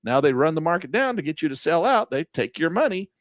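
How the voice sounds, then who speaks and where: A man's voice: fairly high pitch, very animated, fast, no echo, studio quality. A man giving a casual chart walkthrough as a trading instructor, emphatic and folksy, chanting repeated words for effect.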